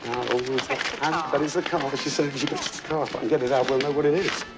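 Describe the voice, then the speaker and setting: A man's voice: mid-range voice, fairly even intonation, fast talker, over loud music, low-quality recording. A man hosting a television game show, chatty and jokey, talking to contestants and a studio audience. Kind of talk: upbeat studio presenting.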